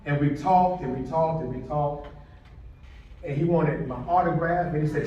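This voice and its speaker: Man, motivational speaker, animated storyteller, slightly high voice, far from the mic in an echoey hall. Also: moderate pace, slight background noise. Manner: animated storyteller who acts out quoted voices. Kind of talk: inspirational storytelling speech. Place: large indoor hall.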